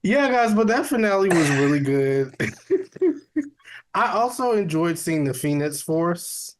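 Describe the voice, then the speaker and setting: A man's voice: high voice, big pitch swings, takes it slowly, slight background noise. A man co-hosting a casual pop-culture podcast, bantering in a playful, sassy way. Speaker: podcast co-host.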